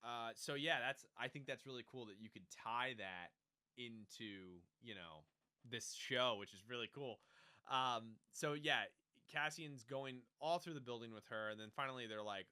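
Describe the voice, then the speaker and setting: A man co-hosting a podcast, chatting casually and animatedly about a TV show, jumping into quick character impressions. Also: mid-range voice, sharp tone, clean tone, dry recording, clean studio sound. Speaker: podcast co-host. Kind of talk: casual chat recapping a TV show.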